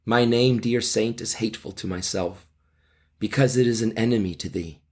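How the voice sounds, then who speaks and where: A man voicing a bold, devoted young male lover, declaiming old verse with slow emphasis. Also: lowish voice, lightly acted. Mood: ardent.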